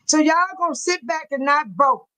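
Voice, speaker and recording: A woman's voice: high-pitched, moderate pace, bright, forceful tone, low-quality recording. A woman hosting a casual livestream, talking straight to her viewers and laughing often. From Texas. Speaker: livestream host.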